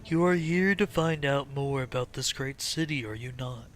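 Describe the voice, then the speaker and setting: A man's voice: medium pitch, normal speed, a bit bright, faint music behind, voice pushed down, natural voice. A man voicing a rambling, half-mad old male quartermaster in a fantasy game. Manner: rambling, talks to himself.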